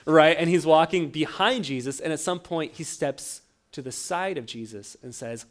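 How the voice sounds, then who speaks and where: A man preaching a sermon, telling the story with lively acted-out quotes and frequent stammered restarts. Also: fairly high pitch, moderate pace. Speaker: pastor.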